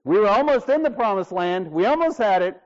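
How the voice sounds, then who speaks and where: Male pastor, high voice, emphatic sermon delivery, rhetorical questions, muffled lo-fi recording. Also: animated, fairly quick. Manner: emphatic preaching with acted dialogue and rhetorical questions.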